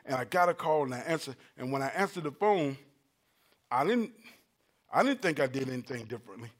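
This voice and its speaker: In his sermon, this man shares a personal anecdote at a brisk clip, his voice mid-range. He laughs along the way and performs each quote with lively animation.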